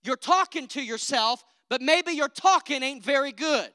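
High, bright-voiced rousing woman preacher. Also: lively intonation, moderate pace, no echo, studio quality. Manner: emphatic, rousing, calls for amens. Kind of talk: sermon.

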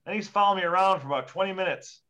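Profane storytelling man, bright tone. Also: high-pitched, very fast. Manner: profane, animated storytelling with acted-out quotes. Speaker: guest, former hockey player. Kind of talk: casual storytelling. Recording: dull lo-fi audio.

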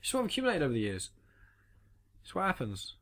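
A man's voice: a little high, wildly swooping pitch, fast, fairly bright tone. A man co-hosting a podcast in casual chat, explaining his reasoning at length and teasing his friend. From England. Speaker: podcast co-host.

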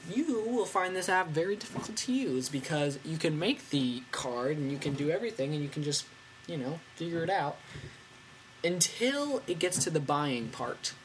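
A fifteen-year-old boy hosting a casual tech podcast from home, rambling and excitable with lots of fillers. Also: fairly high pitch, moderate pace, slight background noise. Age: teens. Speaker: podcast host.

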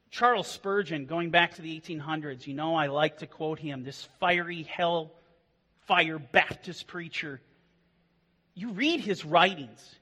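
A man preaching a sermon as pastor, impassioned, swinging from hushed passages to loud declarations. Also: on the high side. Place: church. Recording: long reverb of a hall.

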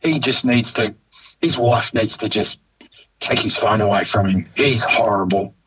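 A man with an Australian accent co-hosting a casual golf podcast, ranting in an animated, exasperated way. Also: fairly low pitch, measured pace, husky, rough recording. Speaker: podcast co-host.

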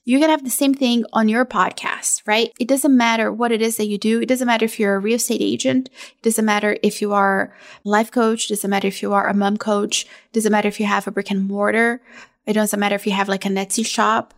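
A woman in her thirties hosting a casual solo podcast from home, talking in a gushing, upbeat sales pitch. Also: little pitch movement, a little fast. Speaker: podcast host.

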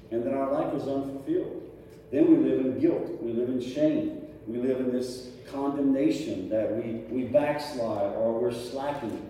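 A man's voice: mid-range voice, dark tone, far from the mic, a little hiss or hum. A man preaching a sermon to his congregation in a casual, conversational way, often checking in with rhetorical questions. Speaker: pastor. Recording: echoey hall picked up from afar, faint ambience.

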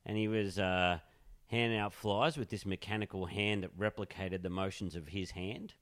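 A young man co-hosting a podcast, telling rambling anecdotes in a relaxed way. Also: low-pitched, moderate pace. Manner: laid-back, rambling anecdotes with fillers and laughter. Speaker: podcast co-host. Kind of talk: casual chat.

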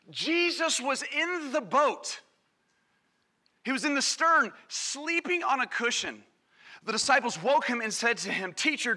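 A man preaching a sermon to a congregation, energetic and calling on the crowd, acting out quoted voices. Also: extremely high pitch. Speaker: pastor. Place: church service.

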